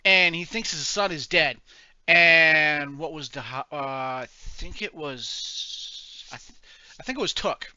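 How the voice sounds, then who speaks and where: Guy with a higher, really sharp voice, dry and kinda muffled mic, chill podcast chat. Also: no echo. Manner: relaxed, agreeable, halting with fillers. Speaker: podcast co-host. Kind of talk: casual movie discussion.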